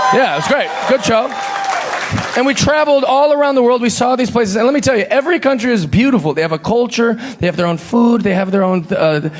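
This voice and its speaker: A man doing stand-up style storytelling, profane and animated, acting out the people in his stories. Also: high voice, background noise. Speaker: comedian guest.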